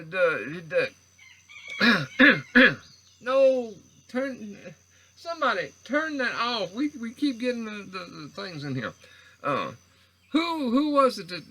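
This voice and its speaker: A man's voice: high-pitched, bright, forceful tone, rough recording. A man talking alone into a recorder in a meandering, stammering monologue full of restarts. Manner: meandering, stammering, frequent restarts and self-corrections. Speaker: vlogger. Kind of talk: rambling monologue. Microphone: handheld recorder.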